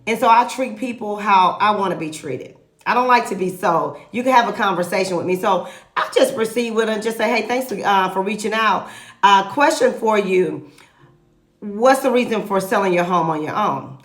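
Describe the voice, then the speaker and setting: A woman real estate agent, telling a story to camera in a lively, emphatic way. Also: mid-range voice, normal speed. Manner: animated, lively retelling with emphatic repeats. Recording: echoey room.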